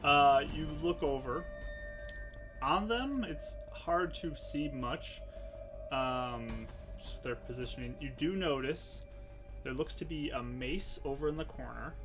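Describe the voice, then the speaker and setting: A man's voice: fairly high pitch, expressive, takes it slowly. A man narrating a tabletop game as game master, with hesitant, filler-heavy delivery. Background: music.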